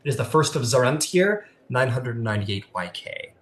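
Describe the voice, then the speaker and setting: A man narrates a tabletop role-playing game as its game master. He talks in a loose, casual way, full of fillers. His voice sits at an ordinary middle pitch. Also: lively intonation, normal speed.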